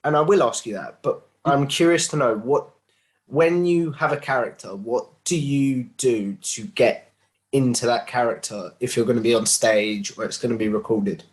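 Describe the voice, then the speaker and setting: A man's voice: medium pitch, moderate pace. A man from Essex hosting a podcast, asking curious, friendly questions in a casual interview. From Essex, England. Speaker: podcast host.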